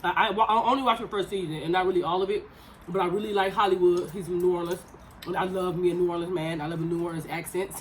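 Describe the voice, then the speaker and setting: A woman's voice: lowish voice, fairly even intonation, fast talker, slight background noise, rough recording. A woman in her thirties co-hosting a podcast, talking casually and animatedly over a meal, laughing often. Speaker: podcast co-host.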